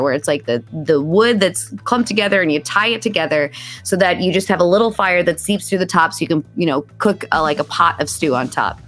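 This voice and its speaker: A young adult woman, a voice actress, chatting in an interview and acting out quoted lines with big jumps in pitch. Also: brisk, fairly bright tone, soft background music. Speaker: voice actress guest. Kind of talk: casual interview chat. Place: remote video call.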